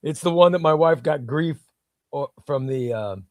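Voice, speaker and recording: A man's voice: fairly high pitch, moderate pace, darkish tone, no room sound. A man hosting a casual comics livestream, reading viewer comments in an enthusiastic, rambling way.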